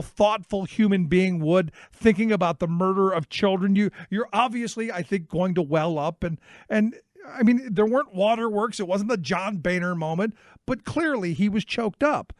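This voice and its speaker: A man hosting a political talk radio show, speaking in an indignant, halting way with many fillers and restarts. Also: high voice, dry recording, studio quality.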